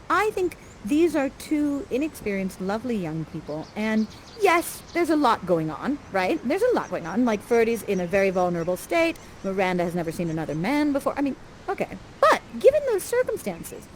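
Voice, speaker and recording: A woman's voice: medium pitch, rough recording. A woman guides participants through a live theater scene, playful and chatty with big theatrical flourishes. Her voice sits mid-range, with faint ambient noise behind her on a headset mic. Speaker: actor guiding participants. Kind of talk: interactive theater narration.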